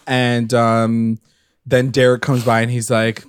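A young man co-hosting a casual recap podcast, talking fast and loosely, swearing and acting out characters' lines. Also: mid-range voice, level tone, clean tone, dry recording, clean studio sound. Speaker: podcast co-host.

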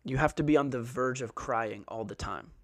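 A young man co-hosting a podcast in casual chat, tossing in dry, quick asides. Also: medium pitch, fairly bright tone, dry recording. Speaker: podcast co-host.

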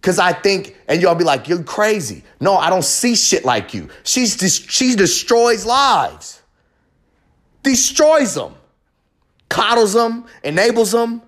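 A man's voice: sits high, big pitch swings, slow, fairly bright tone. A man delivering a confessional monologue in a heated, profane, emphatic rant, hammering home short repeated phrases.

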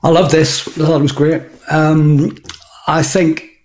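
A man's voice: a little high, flat delivery, a little slow, darkish tone. A man on a panel giving enthusiastic feedback in casual chat, with frequent restarts. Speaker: panel guest.

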